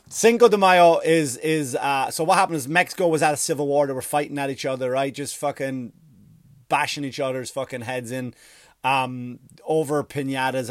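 A man from Ireland, telling a rambling, profane mock history with deadpan jokes and silly put-on voices. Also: medium pitch, no room sound, clean studio sound. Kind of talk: comedic storytelling monologue.

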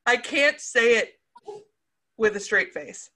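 Woman hosting a podcast, bright forceful voice, giggly and self-conscious when she reads lines aloud. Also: on the high side, animated, slow. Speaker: podcast host. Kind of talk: casual podcast chat reading out quiz quotes.

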